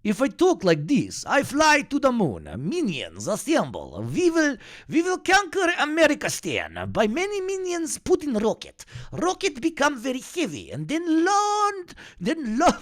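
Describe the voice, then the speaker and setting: A man's voice: huge pitch swings, unhurried, hardly any pauses, a bit bright, heavily acted. A man putting on the voice of a bumbling male supervillain who talks in broken English. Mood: grandiose. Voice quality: high, squeaky, clipped broken phrasing.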